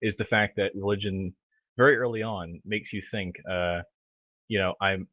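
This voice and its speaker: A man's voice: fairly low pitch, steady tone, moderate pace, fairly bright tone, dry recording. A man co-hosting a podcast, rambling in casual banter with lots of restarts. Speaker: podcast co-host. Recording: dull lo-fi mic.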